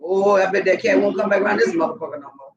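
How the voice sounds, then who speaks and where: A woman telling animated, profane stories casually to her viewers, laughing often. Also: medium pitch, racing, vocal fry, muffled recording, crowd noise. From Southern US. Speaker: vlogger. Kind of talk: casual storytelling to camera.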